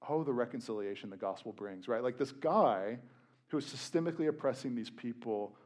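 A young adult man preaching a sermon, conversational and animated, with jokey asides while reading scripture. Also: on the low side. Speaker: pastor.

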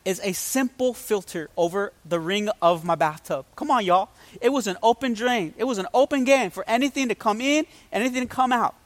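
A man's voice: sits high, fairly quick, hardly any pauses. A man pastor preaching a livestreamed sermon, telling a funny story with energy and calling out to his listeners. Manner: energetic storytelling with humor and call-outs to the audience.

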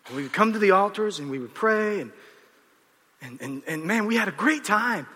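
A man in his fifties, a pastor preaching a storytelling sermon in an animated way, often acting out the people he quotes. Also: high voice, moderate pace, breathy edge. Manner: animated, acts out quotes, restarts. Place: large church auditorium. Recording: reverberant hall.

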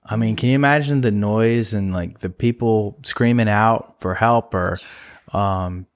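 A man's voice: lowish voice, measured pace. A man co-hosting a casual conversation about faith, talking in an easygoing, rambling way and laughing often. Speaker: podcast co-host.

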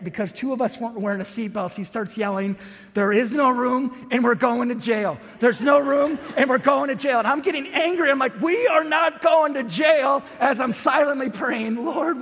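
A man in his thirties preaching a sermon with storytelling, animated, acting out the people in his story and swinging between loud and hushed. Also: sits high. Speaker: pastor. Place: church auditorium. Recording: long reverb of a large hall.

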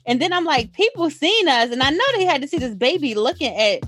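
A woman's voice: high voice, animated, fast, a bit bright, soft background music. A woman co-hosting a casual podcast, telling a story in a laid-back, slangy way with laughs. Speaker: podcast co-host. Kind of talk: casual chat.

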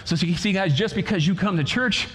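High-voiced preaching man in echoey church. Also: quick pace, fairly bright tone. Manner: preaching with swells of volume and stretched phrases. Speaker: pastor. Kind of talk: sermon.

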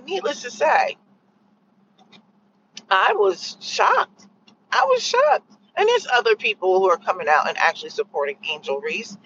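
Woman vlogger, mid-pitch, sarcastic and rambling, muffled lo-fi phone audio with faint road noise. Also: a bit bright. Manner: sarcastic, rambling, lots of fillers. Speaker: vlogger sharing opinions. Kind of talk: casual opinion monologue.

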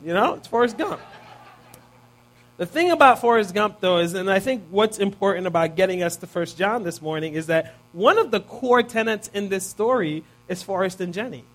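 This thirtysomething preacher speaks at normal speed with a high-pitched, somewhat bright voice. His sermon is relaxed and conversational, his points sprinkled with "right?" to engage listeners.

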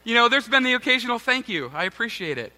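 A male pastor in his thirties preaches a sermon built around a story at his own expense, mocking himself and chatting casually with the congregation, whom he calls "guys." His high voice is bright and ringing, with big pitch swings and a quick pace.

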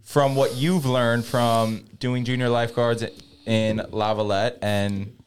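A man's voice: medium pitch, level tone, slow, a little hiss or hum. A man co-hosting a lifeguard podcast, playfully interviewing a guest with leading questions. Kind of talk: casual chat, interviewing a guest.

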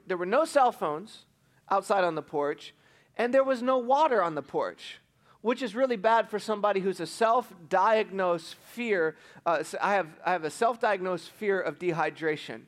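A middle-aged man preaching, telling a personal story with animated, self-mocking humor. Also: high-pitched. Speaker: pastor.

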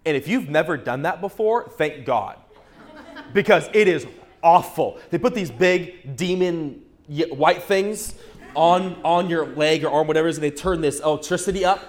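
A male pastor preaching a sermon through a humorous, animated personal story, often restarting his words. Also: a little high.

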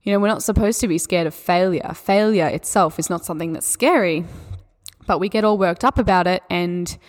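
Australian female podcast host, mindset coach, soft encouraging delivery, slightly low voice. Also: brisk. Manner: gentle, encouraging, spiritual. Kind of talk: solo podcast talk.

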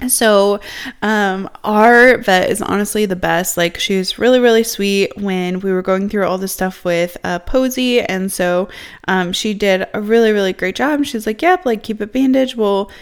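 A woman's voice: mid-range voice, unhurried, clean tone. A young woman vlogger telling a casual story in a chatty way, filling her talk with "like". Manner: chatty, heavy use of "like" as filler.

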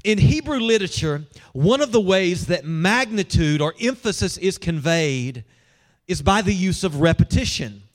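High-voiced preacher with a lilt. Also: male voice, lively intonation, moderate pace. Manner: conversational, humorous, engages the congregation. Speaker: pastor. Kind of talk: sermon.

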